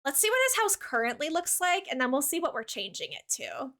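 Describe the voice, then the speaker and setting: A bubbly woman streamer chats casually with her viewers while she plays. Her voice sits high and sounds bright. She talks in a giggly way, full of "like" fillers, and gushes warmly at her chat. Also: sing-song, fairly quick. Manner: warm toward chat, gushing.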